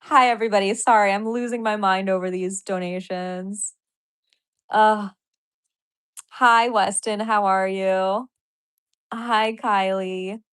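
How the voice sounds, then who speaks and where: A woman's voice: mid-range voice, steady tone, slow pace, pauses often, a bit bright, clear, resonant tone. Giddy, laughing woman livestreaming. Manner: giddy, apologetic, bursting into laughter often; swears casually, gushing thanks. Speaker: comedian and podcaster livestreaming to viewers. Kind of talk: casual livestream chat reacting to donations.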